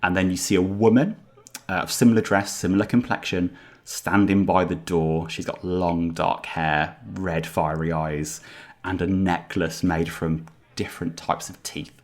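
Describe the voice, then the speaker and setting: A man narrating a tabletop game as game master, describing scenes slowly with filler pauses. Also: deep voice, level tone.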